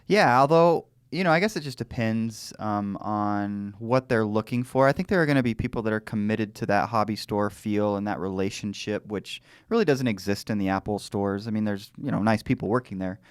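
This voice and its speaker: A man's voice: fairly low pitch, brisk, hardly any pauses, clean tone, no room sound, studio quality. A man co-hosting a casual podcast, easygoing and agreeable. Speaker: podcast co-host. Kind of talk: casual chat.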